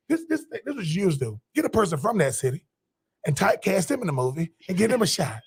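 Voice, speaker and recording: Man, Southern US accent, high husky voice, animated storyteller, sports talk banter. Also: quick pace. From American South. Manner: animated storyteller, acting out quotes. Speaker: co-host.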